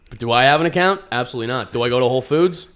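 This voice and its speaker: Young guy on a comedy podcast, loud and sweary, doing fake big speeches. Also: medium pitch. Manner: loud, swearing, mock-proclaiming. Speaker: podcast co-host. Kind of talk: casual chat.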